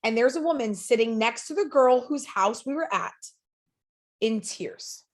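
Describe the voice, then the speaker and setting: A woman's voice: a little high, animated, measured pace. A woman speaking as a podcast guest, telling a story in an earnest, emphatic, motivational way. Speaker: podcast guest, sales leader.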